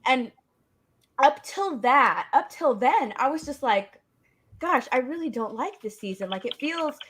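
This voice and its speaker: A woman's voice: high-pitched, animated, measured pace, a bit bright, slightly rough. A woman in casual chat, gushing about favorite scenes and acting out lines as she recalls them. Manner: gushing, quotes scenes in little acted lines. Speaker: podcast co-host.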